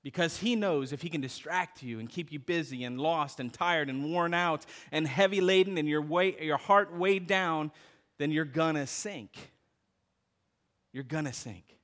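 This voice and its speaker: This middle-aged man, a pastor, speaks in a fairly high voice and keeps a measured pace through his sermon. He preaches with animation, putting questions to the congregation and weaving in stories.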